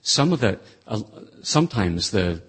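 Low, husky-voiced man teaching scripture. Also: big pitch swings, unhurried, a bit bright. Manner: thoughtful, conversational, with frequent restarts. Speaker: Bible teacher. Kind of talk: explaining a scripture passage.

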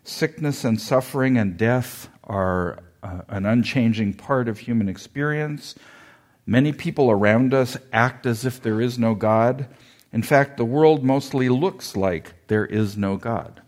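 A man's voice: medium pitch, a little slow. A man teaching a Bible passage in a conversational sermon, thoughtful and often restarting his sentences. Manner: animated when retelling the story. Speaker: preacher.

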